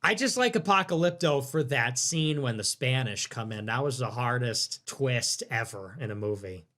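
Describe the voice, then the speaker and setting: A man's voice: medium pitch, animated, normal speed, sharp tone. A young man hosting a livestream, reacting to chat in a crude, sarcastic, ranting way. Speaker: livestream host.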